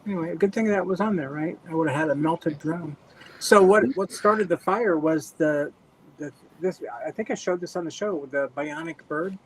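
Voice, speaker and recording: A woman's voice: on the low side, moderate pace, slight background noise, poor audio. Matter-of-fact woman telling a story. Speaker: guest. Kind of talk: casual group video chat. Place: home office. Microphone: video call.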